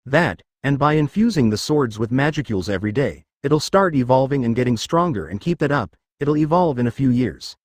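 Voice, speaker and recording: Brief: cheerful newborn slime girl, innocently blunt, lively pitch, read by a man in his own voice. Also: fairly quick, few pauses, no room sound, natural voice. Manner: matter-of-fact, innocently blunt. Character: cheerful naive infant female slime. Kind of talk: fan fiction reading.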